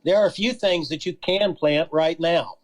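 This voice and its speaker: A man, a beekeeper guest on a radio show, telling stories in a calm, measured way. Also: on the high side. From Georgia, USA. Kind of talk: casual radio interview.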